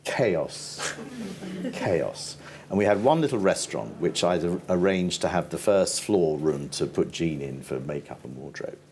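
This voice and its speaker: Older male TV producer, very deep voice, chatty anecdotal storyteller, faint background noise. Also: very animated, a little slow, darkish tone. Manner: rambling, laughs often, quotes people in voices. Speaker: TV format producer, interview guest.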